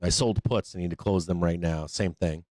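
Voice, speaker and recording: A deep-voiced man hosting a live market stream, talking off the cuff with plenty of swearing and "like" and "uh." His voice sits close and dry, with no room sound around it. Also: normal speed, dark tone, no echo. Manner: loose, profane, rambling with fillers. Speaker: trading show host.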